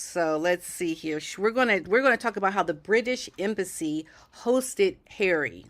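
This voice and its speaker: A woman hosts a casual commentary livestream, talking straight to her viewers in an easygoing, chatty way. Her voice sits a little low and she takes her time, drawing her words out. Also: a bit bright. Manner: chatty, talks to viewers in chat, keeps asking "okay?". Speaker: livestream host.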